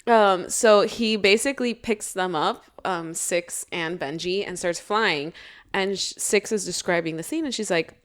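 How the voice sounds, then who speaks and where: A woman's voice: on the low side, measured pace. A woman co-hosting a podcast, enthusiastically gushing about a favorite book character in casual chat. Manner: gushing, enthusiastic, laughs easily. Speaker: podcast co-host.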